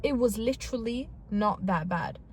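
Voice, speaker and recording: A young woman talks straight to her viewers in a bright, higher voice, chatty and a little dramatic, poking fun at herself as she goes. A faint hiss of background noise sits under her. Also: animated. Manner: chatty, dramatic, self-mocking, quick asides. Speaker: vlogger. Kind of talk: casual talk to camera.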